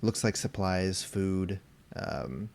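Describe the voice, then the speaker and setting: Low-voiced man narrating a tabletop game. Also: slow pace, creaky, slight background noise. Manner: relaxed, with many fillers. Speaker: game master. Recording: music playing behind.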